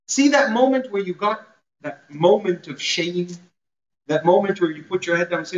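A man's voice: high-pitched, normal speed. Man preaching in a roomy hall. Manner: explains Arabic terms, acts out everyday scenes. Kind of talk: sermon. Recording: roomy, slightly dull sound.

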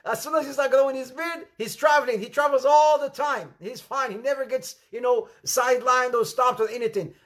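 Preacher, male, higher voice, sermon that swings from loud and quick to low and quiet. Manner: repeats questions to the audience, animated rises and drops.

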